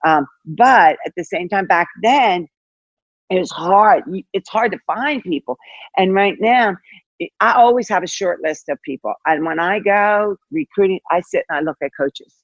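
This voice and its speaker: An older woman, a head basketball coach, chatting as an interview guest, telling stories in an animated way with lots of fillers and acted-out quotes. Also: lowish voice, normal speed, no echo, highs cut off. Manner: animated, acts out quoted dialogue, many fillers. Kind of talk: casual interview storytelling.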